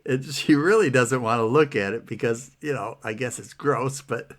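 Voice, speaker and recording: A man's voice: medium pitch, moderate pace. A man casually telling a personal story about his health troubles, laughing often and sounding rueful and incredulous.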